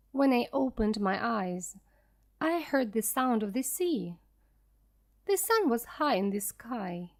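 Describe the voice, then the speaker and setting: Reading an easy adventure tale for beginning learners, this female narrator keeps a slow, clear delivery. Her pitch runs a little high, and her intonation stays lively.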